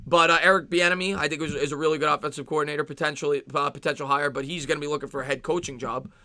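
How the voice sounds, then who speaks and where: Fast-talking New Yorker sports streamer. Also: male voice, a little high, fairly even intonation, bright, forceful tone, dry recording, studio quality. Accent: New York. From New York. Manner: casual, filler-heavy, repeats phrases. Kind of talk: live-stream chat Q&A.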